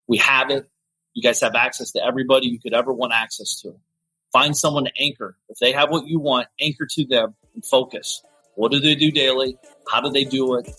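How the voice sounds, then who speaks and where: A man's voice: mid-range voice, bright, forceful tone, husky, no echo, poor audio. A man hosting a podcast, giving an earnest, emphatic motivational talk and getting emotional as he speaks. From Ohio, USA. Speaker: podcast host.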